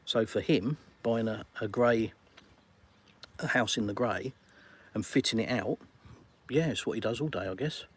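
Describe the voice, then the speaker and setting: A man's voice: medium pitch, measured pace, long pauses, slightly rough. A middle-aged Englishman chatting casually on a live stream, reading viewer comments and calling people mate. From England.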